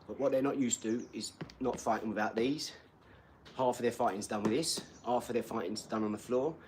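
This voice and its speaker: A man's voice: medium pitch, a little fast, a little mellow, a little hiss or hum. A man in his forties hosting a livestream, chatting casually and rambling, often asking "do you know what I mean.". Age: 40s. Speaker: livestream host. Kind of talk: casual chat, reading out viewer comments.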